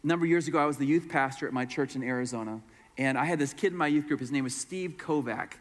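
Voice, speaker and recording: A man's voice: mid-range voice, fast. A middle-aged man pastor telling a story in a sermon, acting out the voices of the people in it. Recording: long hall reverb.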